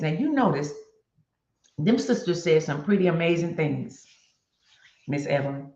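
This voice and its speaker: Lower-voiced woman vlog host, lively and conversational, recorded with muffled lo-fi sound. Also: takes it slowly, long pauses. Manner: animated and chatty, addressing viewers as y'all. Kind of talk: casual motivational vlog talk. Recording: echoey room with dull lo-fi sound.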